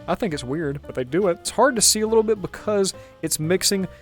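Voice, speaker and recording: A man's voice: high voice, expressive, brisk, faint music behind. A man hosting a gaming channel, giving upbeat, jokey running commentary while he plays. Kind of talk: casual gameplay commentary.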